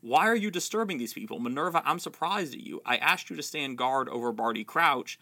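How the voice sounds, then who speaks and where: A man voicing a wise old wizard headmaster, reading his lines gravely from a novel. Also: mid-range voice, expressive, a little fast, sharp tone, full character voice. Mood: stern.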